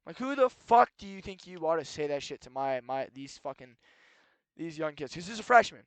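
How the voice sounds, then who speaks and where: A young man ranting in a rambling, profane solo monologue, moving between low muttering and heated outbursts. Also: big pitch swings, normal speed, smooth, dry recording. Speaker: solo podcast host. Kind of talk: rambling late-night monologue.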